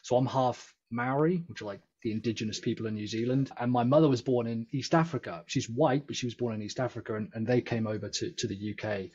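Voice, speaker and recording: A man's voice: mid-range voice, fairly even intonation, fast talker, few pauses, a little mellow, breathy edge, highs cut off. An English man, a podcast guest, chatting casually and joking over a video call. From England. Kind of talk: casual interview chat.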